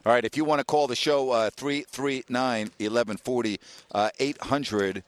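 A man's voice: mid-range voice, fairly even intonation, moderate pace. A man hosting a sports radio talk show, brash and needling as he takes calls and reads out the phone number.

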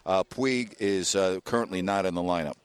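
Male radio host, brash and needling, mid pitch, dry studio sound. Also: moderate pace, clear, resonant tone, no echo. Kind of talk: sports radio talk.

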